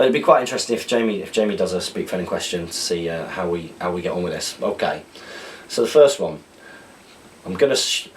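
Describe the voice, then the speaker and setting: Casting: male podcast host, lowish voice, a little off the mic, chatty and self-correcting. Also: recorded from a distance, rough recording. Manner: rambling, self-correcting, laughs at himself. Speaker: podcast host answering viewer questions. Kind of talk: casual solo chat reading out questions.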